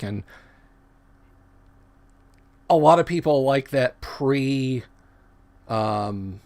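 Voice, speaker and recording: A man's voice: medium pitch, animated, drawn-out words, long pauses, a little mellow. A middle-aged man hosting a casual livestream, talking in a rambling, chatty way and often correcting himself mid-sentence. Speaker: livestream host.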